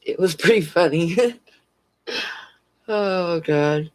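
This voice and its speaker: A woman's voice: fairly low pitch, slow pace, a little mellow, rough recording. A woman working as a convenience store clerk, chatting casually on a stream at home and telling stories with frequent laughter. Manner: rambling, chatty storyteller who laughs often. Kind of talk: casual chat on a live stream. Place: at home, near a fish tank.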